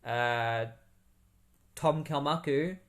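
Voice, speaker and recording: A man's voice: mid-range voice, very slow. A man hosting a podcast, casually recapping a comic book story in a rambling way with many fillers. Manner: rambling, heavy use of "like" and "um" fillers. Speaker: podcast host.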